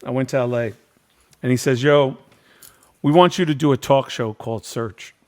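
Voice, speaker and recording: A middle-aged podcast host speaks at a normal speed in a mid-range voice while telling a long story in easygoing chat. Animated throughout, he acts out quoted speakers and keeps repeating phrases.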